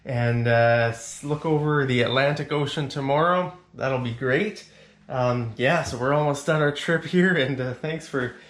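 A man vlogging to camera indoors in a rented apartment. He talks in a rambling, chatty way with frequent restarts. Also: fairly high pitch. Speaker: travel vlogger. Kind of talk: casual chat to camera.

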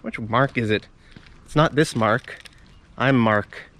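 A man's voice: medium pitch, takes it slowly, a bit bright. Chatty man teaching on a walk. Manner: chatty, rambling, off the cuff. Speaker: English teacher. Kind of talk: casual walking vocabulary lesson. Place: outdoors on residential streets. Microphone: handheld camera while walking.

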